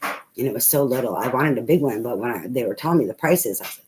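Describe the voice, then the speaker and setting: A woman's voice: very deep voice, animated, fast, a little mellow. A woman giving a casual spoken tarot reading, rambling, swearing freely and laughing often. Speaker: tarot reader. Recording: noisy home recording.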